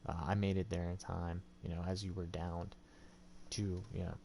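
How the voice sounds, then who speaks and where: A calm, measured ninja mentor, put on by a man running a game, with a deep, mellow voice that has a gravelly edge. He explains patiently and in a steady way, often pausing on an uh or an um. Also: a little hiss or hum. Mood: explaining. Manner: steady explaining tone, frequent ums and uhs.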